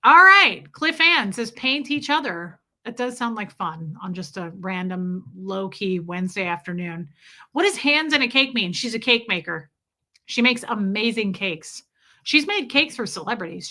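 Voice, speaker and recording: This livestream host has a voice on the high side that sounds pushed and bright. She chats in a relaxed way, working through viewers' comments one by one with affection.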